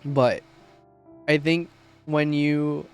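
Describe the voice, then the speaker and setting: A young man chatting on his livestream, his voice sitting a little high for a man. He rambles with heartfelt candor and swears freely, and faint music plays underneath. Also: fairly even intonation, extremely slow, smooth. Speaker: streamer. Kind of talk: casual livestream chat.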